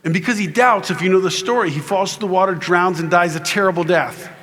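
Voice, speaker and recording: A man's voice: sits high, quick pace, slight background noise. A middle-aged man giving a humorous faith talk to a conference audience, acting out voices as he tells stories. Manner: animated storyteller who acts out voices. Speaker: keynote speaker. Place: conference hall in Louisiana.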